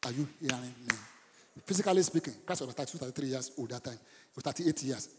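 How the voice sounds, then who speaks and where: A middle-aged Nigerian pastor with a medium-pitched male voice preaches fast in a church hall, where long reverb and a noisy background fill the recording. His delivery jumps dramatically from soft asides to loud bursts, with mid-sentence code-switching and repeated words for emphasis.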